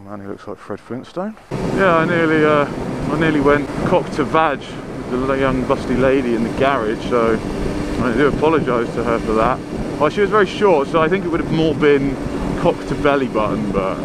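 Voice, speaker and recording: A man's voice: mid-range voice, lively intonation, moderate pace. Man, motorbike vlogger, foul-mouthed ranting, road and wind noise behind. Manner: sweary, ranting, shouts at other traffic. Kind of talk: casual riding commentary. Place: riding a motorbike on town roads. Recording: noisy wind and traffic.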